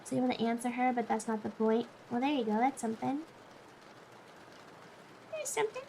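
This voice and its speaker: A young woman streaming late at night, chatting casually with viewers, tired but giggly and animated. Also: fairly high pitch, fast talker, vocal fry, slight background noise. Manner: giggly, animated, often laughs.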